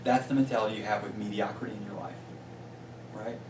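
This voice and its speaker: Energetic man coaching a room. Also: fairly low pitch, quick pace. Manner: energetic, peppers points with "right?". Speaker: business coach and guest speaker. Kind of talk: motivational talk to a small group. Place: meeting room with a small audience. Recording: roomy distant sound with faint noise.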